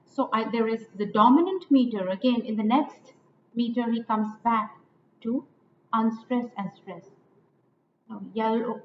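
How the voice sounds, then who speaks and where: A woman lecturing on poetic meter, slow and deliberate, repeating lines and stressing each syllable. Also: on the high side. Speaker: literature teacher. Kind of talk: poetry lecture. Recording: echoey, tinny phone-like audio with faint noise.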